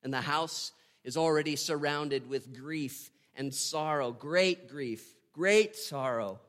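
A man giving a devotional Bible teaching. He reads scripture aloud and reflects on it with emotion and slow emphasis. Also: fairly high pitch, a bit bright. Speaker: preacher.

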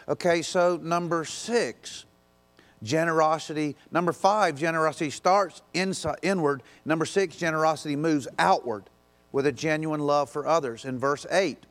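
A man pastor preaching a sermon in a conversational way, slipping into quick acted asides and pressing his listeners with urgent exhortations. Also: a little high.

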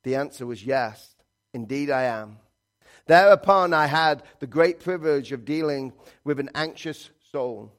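A man preaching a sermon in an earnest, halting way, reading scripture and hymn lines aloud. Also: mid-range voice. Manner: earnest, halting, with restarts and quoted prayers.

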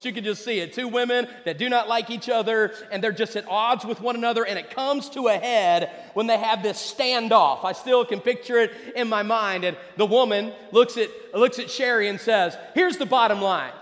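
A man delivers a sermon with a noticeably high-pitched voice. He talks in a conversational way and speaks directly to the congregation. His voice rings out with a long reverb, as if in a large hall. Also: moderate pace, hardly any pauses, a bit bright. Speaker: preacher.

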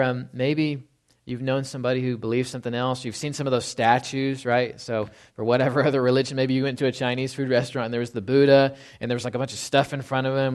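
A man preaches in an easygoing, conversational manner, with a voice sitting at an ordinary middle pitch. He keeps checking in with his listeners and slows down deliberately whenever he reads scripture. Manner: conversational, asks "right?" often, slows for scripture quotes. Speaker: pastor. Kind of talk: sermon.

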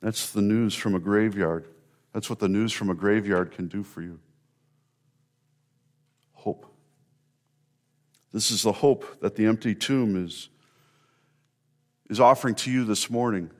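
A middle-aged male pastor giving an Easter sermon, telling a story earnestly with rising emphasis and pauses. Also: on the low side, a little mellow.

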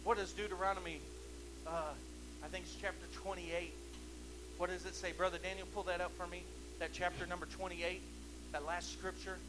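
A man preaching a sermon in a church service, impassioned, repeating refrains that swell loud and then drop low. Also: level tone, moderate pace, over music, rough recording.

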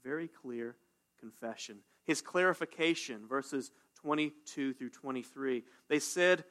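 A man preaching a sermon as pastor, animated and conversational, often asking "right?". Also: mid-range voice, a little slow. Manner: animated, call-and-response, says "right?" often.

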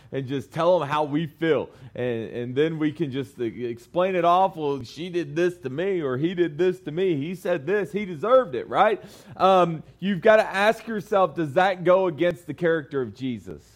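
A young man giving a casual youth sermon to a small group, telling a story in a chatty way with lots of fillers. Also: high voice.

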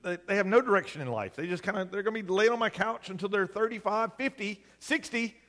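A man's voice: sits high, quick pace, a bit bright, in a large hall. A male pastor preaching a sermon in a conversational way, often asking the congregation "right?".

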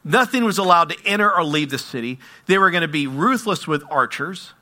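A male pastor preaching in an animated way, his pitch swinging widely as he tells the story and turns to ask the listeners questions. His voice is bright and forceful, pitched a touch higher than most men. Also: brisk. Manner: animated, asks the audience questions. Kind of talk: sermon.

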